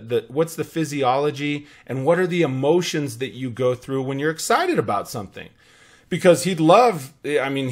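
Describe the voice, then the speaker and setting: A man in his forties hosting a podcast, giving an energetic motivational talk with anecdotes and frequent restarts. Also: medium pitch. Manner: energetic, repeats words and restarts, tells anecdotes. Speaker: podcast host.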